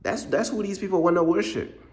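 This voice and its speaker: A man's voice: sits high, expressive, fairly quick, darkish tone. A man preaching in a casual monologue, blunt and repetitive, full of street slang.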